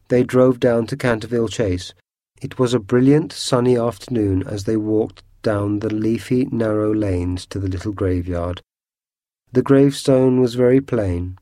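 A man narrating a storybook audiobook in a measured, unhurried way. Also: mid-range voice, dark tone, no room sound, studio quality.

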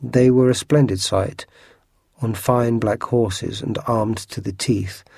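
Brief: male narrator, mellow dark tone, a bit breathy, expressive storybook reading. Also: lowish voice, slow pace, no echo, studio quality.

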